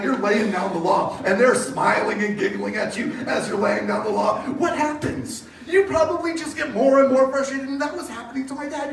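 A man's voice: very high voice, slight background noise. A middle-aged man preaching a sermon, telling stories and acting out the voices of the people in them. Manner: storytelling with animated quoted voices. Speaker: pastor. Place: church hall. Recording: echoey hall from far off.

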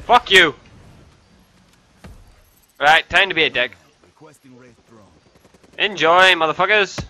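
A man giving loud, profane, excitable commentary over his own gameplay and yelling at opponents. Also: high-pitched, slow pace. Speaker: gaming commentator.

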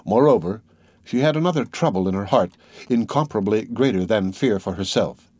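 A man narrating an audiobook in a calm, measured reading voice. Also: lowish voice, husky, no room sound, clean studio sound. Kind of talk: scripted narration.

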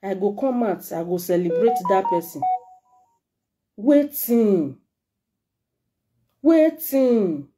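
Emotional Nigerian woman vlogger, warm voice. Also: on the low side, brisk, hardly any pauses, soft background music. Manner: heartfelt, emotional, pleading. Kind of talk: emotional direct-to-camera message.

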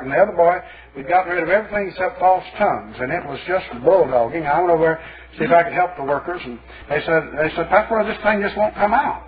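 A male pastor preaching a sermon in a folksy, colloquial storytelling manner. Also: on the high side. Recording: lo-fi phone-like sermon tape.

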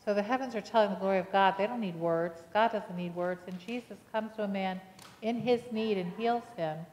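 A woman's voice: medium pitch, fairly quick, a little mellow. A woman pastor preaching a sermon, telling a personal story with acted-out dialogue and putting questions to the congregation. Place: church sanctuary. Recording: long reverb of a church hall.

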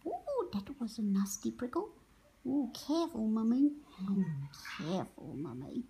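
A woman's voice: fairly high pitch, very animated, measured pace, warm tone, a little hiss or hum. A woman voicing her pet female grey parrot in a babyish, coaxing tone. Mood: pleading.

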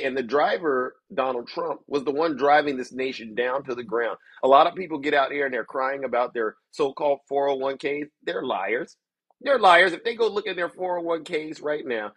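Husky, theatrical male commentary host. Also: a little high, no echo. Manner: theatrical, mocking, showman-like, keeps saying "ladies and gentlemen". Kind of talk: ranting political commentary to viewers.

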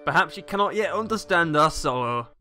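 A man voicing a sinister male salesman who speaks in a suave, deliberate way. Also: on the high side, lively intonation, bright, forceful tone, soft background music. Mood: ominous.

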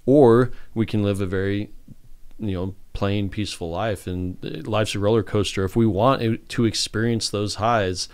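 Podcast host guy, smooth low voice, earnest and thoughtful, dry studio sound. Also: moderate pace, a little mellow, dry recording. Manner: earnest and reflective. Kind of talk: casual chat.

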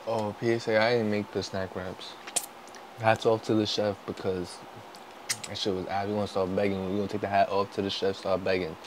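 A young man, a vlogger, in casual food-tasting chat, swearing constantly, joking and breaking into loud outbursts. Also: on the low side, little pitch movement, brisk, noisy background.

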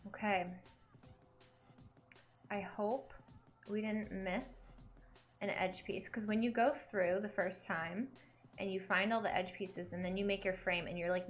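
Chatty giggly young woman streamer. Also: mid-range voice. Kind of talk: casual gaming stream chat.

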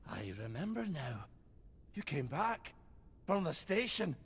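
A man's voice: a little high, big pitch swings, unhurried, vocal fry, fairly bright tone, slightly rough, long reverb tail, exaggerated voice. An actor voicing a lonely older man in a video game who talks to his absent wife, rambling and wistful.

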